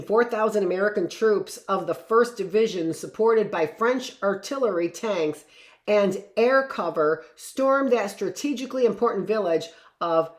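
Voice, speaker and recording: A woman teacher reads a history book aloud at a mid-range pitch, breaking off now and then for chatty asides. She corrects her own stumbles as she goes, and the room around her gives a roomy echo.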